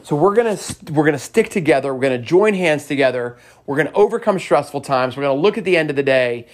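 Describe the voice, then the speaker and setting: A man's voice: fairly high pitch, lively intonation, quick pace. A man hosting a motivational podcast, cheering listeners on with repeated upbeat lines and a personal story. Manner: enthusiastic, sing-song cheerleading repetition.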